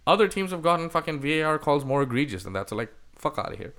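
A man's voice: a little high, sing-song, quick pace, fairly bright tone. A man hosting a casual football podcast chat, blunt and swearing freely, from India. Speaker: podcast host.

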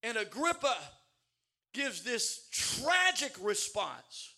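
A man preaching a sermon, animated and emphatic, with dramatic swings in his delivery and repeated words as he builds up. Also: very high voice, measured pace.

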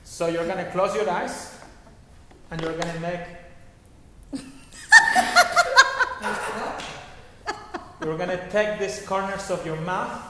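In an echoey hall with a little faint noise, a man whose voice sits high guides a laughter meditation session as its yoga teacher. His intonation stays fairly even and his pace moderate as he gives directions, often asking "okay?".

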